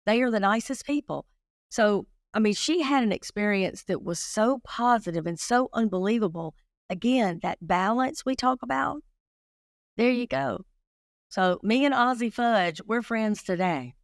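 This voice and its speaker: A woman's voice: on the high side, measured pace, creaky, no echo, clean studio sound. A middle-aged woman, a guest telling stories in a casual interview and speaking straight to the listeners. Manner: lively storyteller who addresses listeners directly. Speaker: guest investigator.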